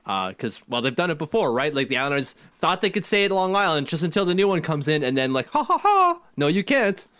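A man's voice: fairly high pitch, animated, fast talker, hardly any pauses, fairly bright tone, clear, resonant tone, no echo. A man co-hosting a casual chat, joking and putting on mocking voices. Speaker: podcast co-host.

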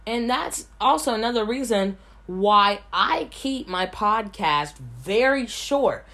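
A woman's voice: medium pitch, a bit bright. Woman doing her solo podcast, blunt, rambly, says stuff twice. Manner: rambling, blunt, repeats words. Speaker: podcast host. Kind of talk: casual solo podcast talk.

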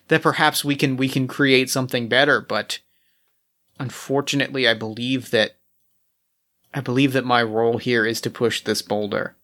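A man with a mid-range, slightly bright voice narrates as game master of a tabletop role-playing game. His delivery is halting, and he keeps restarting his sentences.

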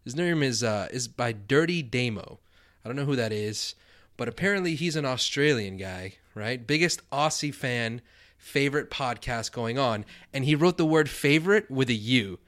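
A man's voice: medium pitch, animated, moderate pace, fairly bright tone. A man hosting a fantasy football podcast with an easy, upbeat manner. His voice sits in a middle range. He laughs often and keeps things light. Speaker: podcast co-host. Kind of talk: casual podcast chat.

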